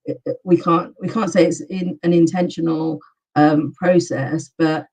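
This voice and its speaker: Low, flat-voiced middle-aged woman on a dull call. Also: slightly rough. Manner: measured, thoughtful, with frequent "um"s. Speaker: guest, communications specialist. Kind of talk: interview answers. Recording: dull, distant video-call audio.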